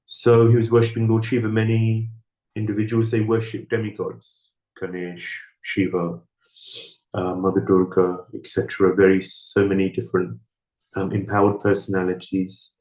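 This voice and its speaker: A man's voice: completely flat delivery, normal speed, a little mellow. A man giving a scripture class, telling a story in sermon style and acting out the characters' lines. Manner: storytelling, acting out dialogue with raised pitch. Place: temple hall. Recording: echoey room.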